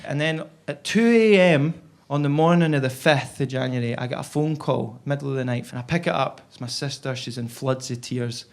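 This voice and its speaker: A man's voice: medium pitch, brisk, hardly any pauses. A Scottish man doing stand-up, telling a long story chattily and tagging his lines with "right?". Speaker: stand-up comedian.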